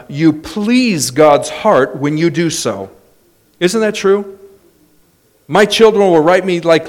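A middle-aged man preaching a sermon, telling stories with joking asides. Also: a little high. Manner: lively storytelling with joking asides. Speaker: pastor.

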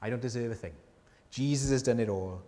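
A man's voice: medium pitch, a little fast. Earnest male preacher, reverberant church. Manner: conversational preaching with frequent rhetorical questions; earnest and tender, dropping softly at key lines. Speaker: pastor. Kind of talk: sermon. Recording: long hall reverb from a church.

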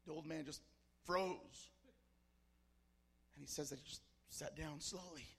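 Male pastor, passionate sermon delivery, high-pitched. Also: unhurried, vocal fry, breathy edge, big-room sound. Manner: passionate, builds to shouting.

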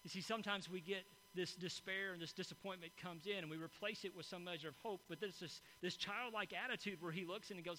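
Middle-aged male pastor, high bright voice, chatty sermon storyteller, faint hum. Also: quick pace, hardly any pauses, poor audio. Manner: conversational storytelling, frequent "right?" asides. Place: church hall before a congregation.

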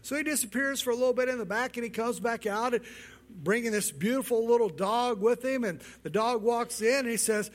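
A male pastor preaching a sermon, telling a long joke in an animated storytelling manner and often repeating words. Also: sits high, a little fast.

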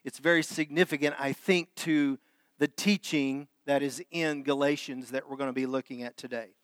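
A man's voice: mid-range voice, steady tone, moderate pace, smooth, dry recording. A middle-aged man who is a pastor, preaching a sermon and reading a story aloud in an earnest way that builds in intensity. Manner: earnest, rising in intensity during dramatic passages.

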